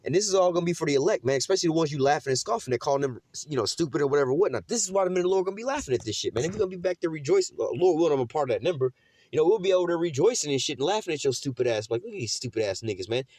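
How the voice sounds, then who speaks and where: A man's voice: fairly high pitch, animated, racing, darkish tone, no echo. A man preaching on scripture in a loose, profane, slangy rant, tossing "man" into nearly every sentence. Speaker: Bible teacher. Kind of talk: casual street preaching.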